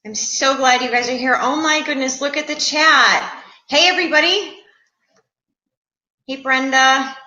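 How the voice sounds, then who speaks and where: A middle-aged woman from the Chicago area, hosting a live stream and greeting viewers in a bubbly, excitable, chatty way. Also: sits high. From Chicago area, USA. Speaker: livestream host. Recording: echoey room.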